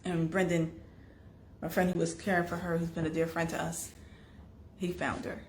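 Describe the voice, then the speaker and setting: Low-voiced emotional woman, echoey room. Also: flat delivery, moderate pace, slight background noise. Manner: emotional, wavering between soft and loud. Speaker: host. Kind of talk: candid personal talk on grief.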